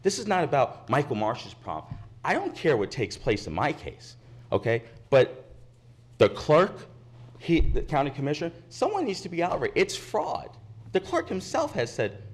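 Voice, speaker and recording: Man, public commenter, indignant, insistent, very lively pitch, podium mic in a meeting chamber. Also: normal speed, breathy edge. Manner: indignant, insistent, repeats his points. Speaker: resident speaking at public comment. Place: county commission meeting chamber.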